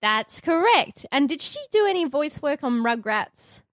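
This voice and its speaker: Giggly young woman podcasting, high voice that bounces around a lot, dry sound. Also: big pitch swings, unhurried, dry recording. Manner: giggly, playful. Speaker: podcast co-host. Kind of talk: casual chat.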